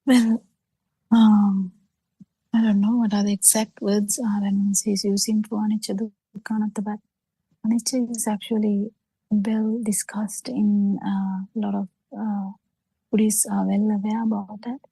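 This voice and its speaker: A woman giving a Buddhist teaching over a video call, halting, with many pauses and fillers, often falling into soft breathy half-whispers. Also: mid-range voice, little pitch movement, no room sound, poor audio. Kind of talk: slow spoken dharma talk on a video call.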